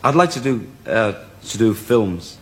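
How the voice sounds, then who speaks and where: A man's voice: fairly low pitch, very animated, measured pace, a little hiss or hum. A man appearing as a comedian guest on a talk show, clowning and giggling with mock-humble asides. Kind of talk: playful talk show banter.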